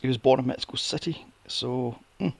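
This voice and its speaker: Fairly quick and creaky, with a slightly rough voice, a man co-hosts a movie podcast. His casual chat about the film is animated and sarcastic, and he mocks characters in high, goofy voices.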